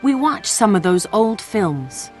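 A woman's voice: medium pitch, very animated, takes it slowly, darkish tone, soft background music. A woman working as a TV correspondent, giving scripted narration and asking short interview questions.

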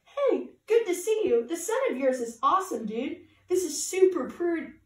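A woman doing an easygoing surfer-dude sea turtle with a relaxed drawl. The storybook reading sounds roomy and a little far off. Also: very high voice, moderate pace. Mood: mellow. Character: laid-back surfer sea turtle dad. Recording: echoey room, voice from a distance.

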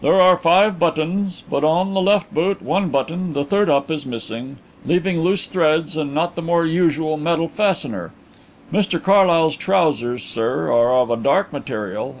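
A man's voice: fairly high pitch, normal speed, a little hiss or hum, lightly acted, rough recording. A man doing a deferential, precise manservant.

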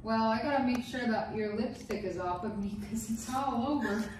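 A woman's voice: a little high, moderate pace, very noisy. A woman chatting casually in a home vlog, teasing and correcting her partner's pronunciation as she teaches words. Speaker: vlogger, partner teaching Arabic. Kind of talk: casual couple vlog chat.

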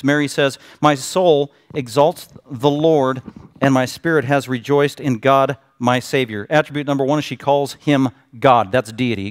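A middle-aged man giving a sermon as pastor, moving between low, quiet teaching and loud, emphatic preaching. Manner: acts out a self-pitying listener in a strained high voice. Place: church sanctuary.

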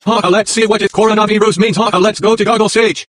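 A male channel host rambling excitably through a reading and his own commentary, exclaiming over and over, with the playback sped up. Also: sits high, fast. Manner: excitable, keeps exclaiming "oh golly".

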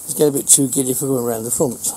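A man's voice: mid-range voice, fairly even intonation, rapid-fire, dark tone, a little hiss or hum, low-quality recording. Man from the north of england training his dog. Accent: Northern English. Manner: gives short repeated commands to his dog. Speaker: dog owner vlogger. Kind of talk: casual dog-training vlog.

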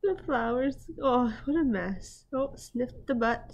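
Woman, reaction host, higher voice, slow easygoing delivery, exclaims and laughs a lot. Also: expressive, highs cut off. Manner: chatty, exclaims and laughs often. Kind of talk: casual reaction commentary. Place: at home with her dogs nearby.

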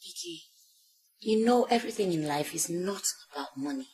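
A woman's voice: lowish voice, lively intonation, moderate pace, darkish tone, slight background noise, lightly acted, poor audio. An actress with a Nigerian accent playing a devoted young female student in love, earnest in tone and dropping into Pidgin at times. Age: young adult. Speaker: university student. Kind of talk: Nollywood film acting.

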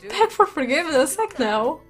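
A woman's voice: sits high, very animated, normal speed, faint music behind. A woman giving let's play commentary on a life sim game, chatty, giggling often and reacting aloud from a desk microphone. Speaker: gaming YouTuber. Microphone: desk USB microphone.

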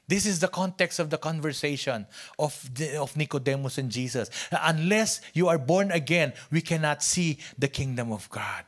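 Preaching at a normal speed, a Filipino-accented male pastor with a higher, animated voice drops to near-whispers and then rises to loud emphasis. He frequently repeats phrases and starts them over.

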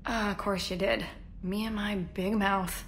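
A woman's voice: medium pitch, steady tone, unhurried, a little hiss or hum, lightly acted. A woman playing a sheepish, self-mocking game character. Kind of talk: video game voice acting.

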